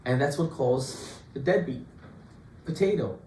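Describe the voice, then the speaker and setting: A man, a rabbi, giving an informal Torah class to students, lively and joking, full of rhetorical questions. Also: mid-range voice, unhurried. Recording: echoey room, distant mic, faint hiss.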